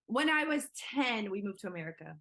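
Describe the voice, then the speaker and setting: A woman's voice: medium pitch, sing-song, a bit bright. A young woman guest in an interview, talking casually with lots of "like" and "yeah" fillers. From Nigeria. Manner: chatty, quick, many "like" and "yeah" fillers. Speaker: guest, filmmaker.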